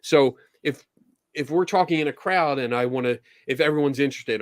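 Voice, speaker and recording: This podcast host talks a little fast, his fairly high, expressive voice carrying casual anecdotes as he plays out quoted conversations with an easygoing storyteller's touch. It's a studio-quality recording, free of room sound.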